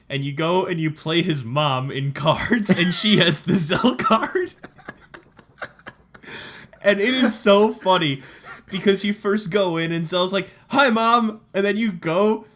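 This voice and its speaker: A man co-hosting a podcast in casual chat, telling a story with excitement and frequent laughter. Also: on the high side. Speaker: podcast co-host.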